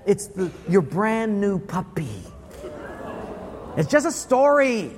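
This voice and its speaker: A man's voice: high-pitched, very animated, slow pace, long reverb tail, heavy background noise. A man preaching a sermon, telling stories in a punchy, playful way. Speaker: pastor.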